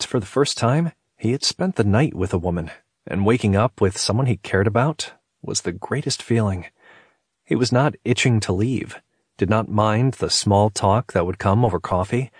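A man reading a romance novel aloud as narrator, calm and even. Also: fairly low pitch, husky, no echo, clean studio sound. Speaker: audiobook narrator.

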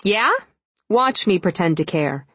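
A woman's voice: on the low side, animated, a little slow, fairly bright tone, slightly rough, no room sound, heavily acted. A woman voicing a sassy, mocking young alpha she-wolf. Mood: mocking tease. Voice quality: mocking, sarcastic. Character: sassy young alpha female werewolf, teasing.

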